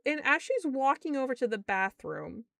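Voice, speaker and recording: A young woman streamer telling a story in casual chat, animated and exasperated, laughing often. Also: high-pitched, normal speed, creaky, no echo.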